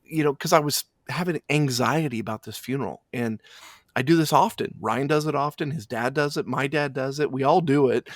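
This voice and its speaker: A man who works as a funeral director talks through his work slowly and thoughtfully, stopping and restarting his sentences. His voice sits at a middle pitch. The recording is dry and close, with no room sound. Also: no echo. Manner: halting and reflective, with frequent restarts. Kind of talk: casual interview chat.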